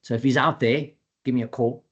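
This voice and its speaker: A man speaking as a dog trainer in a webinar presentation, talking in a chatty, animated way and acting out what clients and dogs might say. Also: mid-range voice, a little fast, husky, dull audio.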